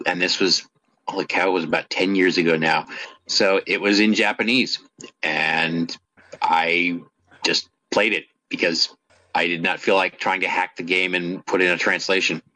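A man's voice: deep voice, pushed and bright, dry recording, poor audio. A man casually chiming in on a podcast about how he played the game. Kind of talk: casual chat.

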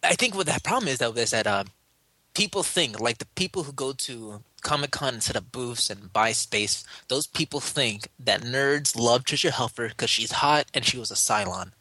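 A man's voice: mid-range voice, lively intonation, normal speed, sharp tone, dry recording. A man co-hosting a casual podcast, rambling with sarcastic asides. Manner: rambling, hesitant, lots of fillers and restarts, sarcastic. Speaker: podcast co-host. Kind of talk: casual chat.

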